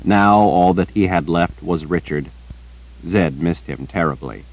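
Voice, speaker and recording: A man narrating a fantasy audiobook in a steady storytelling manner. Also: sits low, unhurried, dry recording, muffled recording. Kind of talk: scripted narration.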